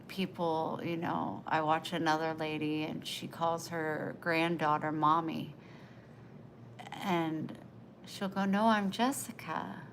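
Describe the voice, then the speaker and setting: A woman's voice: low-pitched, gravelly, sharp tone, slight background noise, low-quality recording. A woman livestreaming, chatting with her viewers in a tender, emotional, rambling way. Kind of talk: casual live chat.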